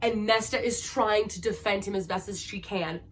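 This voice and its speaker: A woman's voice: mid-range voice, moderate pace, a little hiss or hum. A young woman talking casually about books she loves, gushing and dramatic, with lots of fillers. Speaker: book reviewer.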